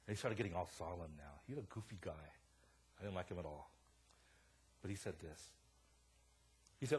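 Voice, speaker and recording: Young male pastor, casual joking sermon, slightly husky, big jumps in volume. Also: low voice, expressive, normal speed, pauses often. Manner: casual, joking storyteller with a wide swing in loudness. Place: church sanctuary.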